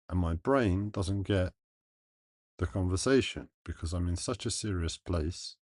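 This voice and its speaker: Low-voiced man thinking aloud, halting. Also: darkish tone, no room sound, studio quality. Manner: halting, earnest, with pauses and restarts. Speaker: live streamer. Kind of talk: thinking-aloud livestream monologue.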